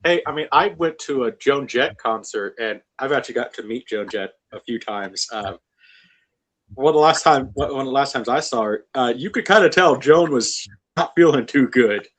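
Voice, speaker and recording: A man of middling pitch hosts a laid-back music interview. He rambles and restarts often while chatting with his guests. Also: animated, moderate pace, poor audio. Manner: rambling, many fillers and restarts. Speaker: interview host. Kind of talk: casual interview chat.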